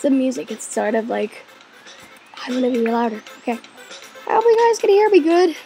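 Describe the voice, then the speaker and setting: A woman hosting a let's play, chatting excitably as she plays, cheering her character on and sometimes dropping into a whisper. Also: high-pitched, normal speed, faint music behind. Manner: drops into whispers now and then. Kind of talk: gaming commentary.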